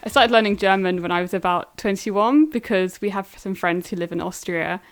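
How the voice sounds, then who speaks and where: A woman's voice: medium pitch, a little fast, faint music behind. Chatty woman, laughing easily. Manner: chatty, laughs easily, animated when recalling. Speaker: guest, German learner. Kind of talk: casual interview answers.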